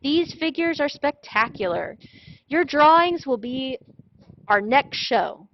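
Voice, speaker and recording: A woman voicing an excitable male museum director in a children's storybook read-aloud, speaking emphatically. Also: sits high, slow, dull audio, voice pushed up, full character voice. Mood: lively.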